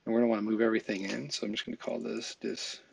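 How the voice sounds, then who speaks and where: A man talking through a software tutorial in a casual, think-aloud way, with fillers and small asides as he works. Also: fairly low pitch, little pitch movement, very fast, vocal fry, husky, no room sound. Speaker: visual effects tutorial instructor. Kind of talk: screen-recorded software tutorial.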